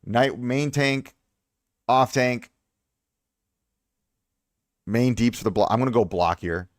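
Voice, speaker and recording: A man's voice: mid-range voice, takes it slowly, dry recording, studio quality. A young adult man chatting casually on a live stream, reviewing viewers' game accounts and repeating himself for emphasis.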